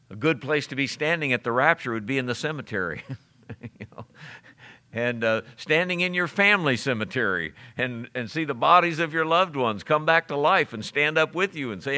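Bright-voiced man preaching a sermon. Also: medium pitch. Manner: conversational preaching with fillers and chuckles. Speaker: pastor.

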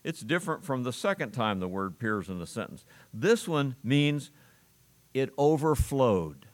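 A man preaching a sermon as pastor in a church, measured and explanatory, stressing key words. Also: medium pitch, very animated.

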